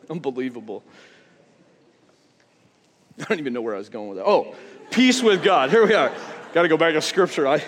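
A middle-aged man preaching a sermon as a pastor, telling stories in a casual way and swinging between quiet asides and loud emphasis. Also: high-pitched, long reverb tail.

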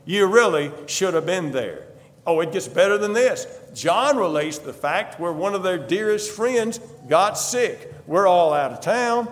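A male preacher tells a Bible story in the first person, emphatic and dramatic. His voice is high and swoops widely in pitch. The church gives each line a long reverberant tail. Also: animated, measured pace. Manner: emphatic, repeats a refrain.

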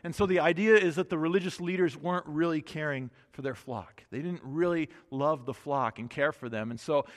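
A man with a high voice preaches in a relaxed, conversational way, joking and restarting his phrases as he explains scripture. His voice rings with a long reverb, as if he is in a church hall. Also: brisk, few pauses. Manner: casual, chatty preaching with restarts and humor. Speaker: pastor. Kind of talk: sermon with Bible reading.

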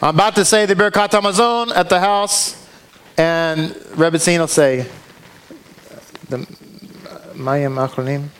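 A man's voice: fairly high pitch, steady tone, unhurried, long pauses, a bit bright, rough recording. A male preacher delivering a sermon to a congregation, reading scripture aloud and driving points home with emphatic rhetorical questions. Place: congregation with a control booth.

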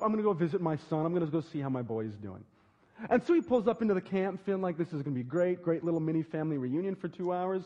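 A man preaching a sermon, telling a story with lively, acted-out dialogue. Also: fairly high pitch. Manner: animated storytelling, acting out dialogue in lively voices. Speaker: pastor. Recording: dull lo-fi sound with long hall reverb.

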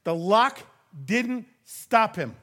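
A middle-aged man from Louisiana preaching a sermon as a pastor, conversational with joking asides, at times dropping to a hushed intensity. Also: sits high, lively intonation, drawn-out words.

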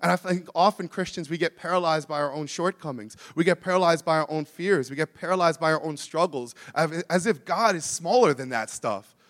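A young adult man preaching a sermon as pastor, casual and animated, dropping slang asides between earnest points. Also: on the high side, a little fast.

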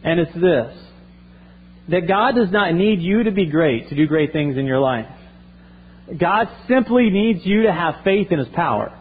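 An earnest male pastor delivering a sermon, often circling back and restarting his phrases. His voice is fairly high, and the recording sounds thin and phone-like. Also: expressive, measured pace, husky.

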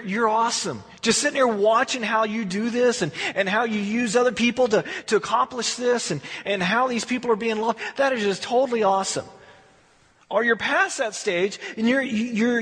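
A man leads a Bible study in a high, husky voice, chatty and folksy as he acts out the scriptures. His words bounce around a large hall with a long reverb tail. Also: normal speed. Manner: folksy, animated, acts out quotes. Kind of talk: verse-by-verse Bible teaching, conversational.

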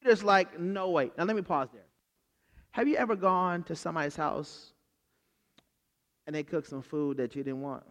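A man preaching a sermon, retelling a story with lively, conversational energy and acting out the characters' lines. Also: on the high side, normal speed, long pauses. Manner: animated storytelling, acts out the characters. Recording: long hall reverb.

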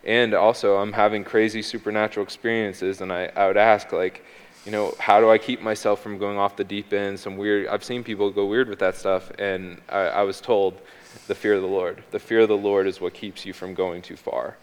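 Low flat-voiced man in a reverberant hall. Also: moderate pace, clear, resonant tone. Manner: hesitant, frequent ums and restarts. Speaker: guest. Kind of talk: personal faith testimony in conversation. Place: on a stage.

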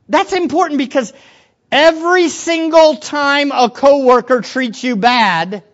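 A man preaching a sermon as pastor, dramatic, swinging from loud outbursts to hushed asides and repeating words as he restarts. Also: very high-pitched, lo-fi sound.

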